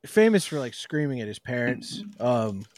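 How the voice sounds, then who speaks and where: A man's voice: medium pitch, sing-song, normal speed, a little mellow, dry recording, clean studio sound. A man co-hosting a podcast, telling stories in crude casual chat with frequent laughs. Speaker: podcast co-host.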